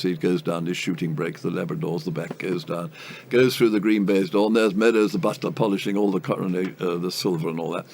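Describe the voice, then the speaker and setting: A man's voice: deep voice, fairly even intonation, fairly quick, gravelly, darkish tone, a little hiss or hum. An older man, a cricket commentator, telling anecdotes in an interview with many hesitant ums and a ready chuckle. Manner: chuckling raconteur, full of hesitant ums and uhs.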